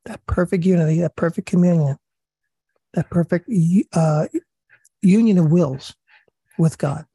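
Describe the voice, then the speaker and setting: Male study leader, raspy and mellow, earnest reading with asides, dry sound. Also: a little high, dry recording. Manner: earnest, repeats himself, pauses with fillers. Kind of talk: religious study talk, reading and commenting.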